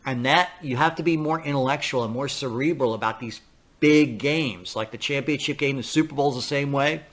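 This talk-podcast host from the New York area has a mid-range, somewhat bright voice and speaks at a normal speed. His loose, wandering monologue is full of restarted sentences, repetition, and impersonated quotes.

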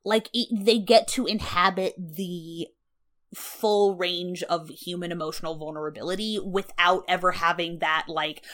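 A woman's voice: lowish voice, steady tone, unhurried, a bit bright. A woman co-hosting a podcast in casual chat, emphatic and playful, with swearing sprinkled through. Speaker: podcast co-host.

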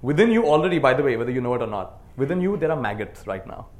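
A man giving a dharma talk to a live group as a meditation teacher, earnest, swinging between soft and emphatic, and leading call-and-response. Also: mid-range voice, lively intonation, fast talker. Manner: leads the audience in call-and-response.

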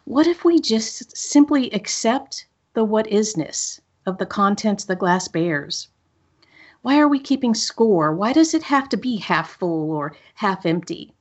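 A woman's voice: mid-range voice, very animated, a little slow. Upbeat woman hosting a podcast. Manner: upbeat, reflective and encouraging. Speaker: podcast host. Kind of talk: solo podcast monologue. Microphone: studio microphone.

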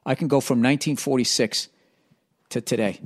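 A man hosting a podcast with a hoarse, strained voice, talking in a low-energy, self-mocking casual ramble full of swearing. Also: fairly even intonation, fairly quick. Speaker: podcast host.

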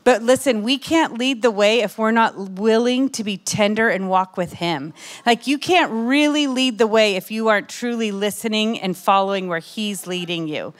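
A woman's voice: mid-range voice, moderate pace. Woman giving an emotional church testimony. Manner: emotional, animated storytelling with many asides to the crowd. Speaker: speaker at a women's church gathering. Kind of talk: testimony sermon.

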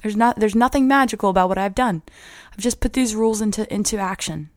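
A woman hosting a motivational podcast, earnest and upbeat, often repeating words as she gets excited. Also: medium pitch, quick pace, no echo, clean studio sound. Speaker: podcast host.

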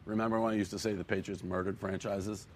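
A man's voice: lowish voice, level tone, fast talker, slight background noise. A man hosting a sports talk show, bantering casually and chuckling.

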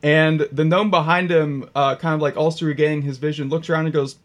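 A man's voice: fairly high pitch, fairly even intonation, fairly quick. A man narrating a tabletop game as game master in a casual, profane style full of fillers.

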